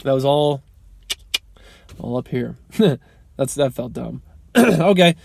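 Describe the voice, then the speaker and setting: A man's voice: medium pitch, expressive, slow, gravelly, darkish tone, no echo, clean studio sound. A young man talking casually to camera in a vlog, earnest and motivational, rambling with many ums and restarts. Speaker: vlogger. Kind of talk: casual unscripted vlog talk.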